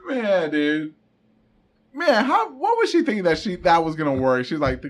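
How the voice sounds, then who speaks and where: Casting: podcast host, fairly high and very lively voice, jokey, giggles between lines. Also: male voice, moderate pace. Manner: laughs often, jokey and loose. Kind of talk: casual chat.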